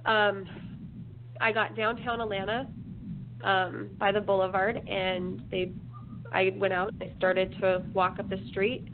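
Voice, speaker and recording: A woman guest slowly telling her life story in an interview, with measured pauses. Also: medium pitch. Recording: phone line with faint hiss.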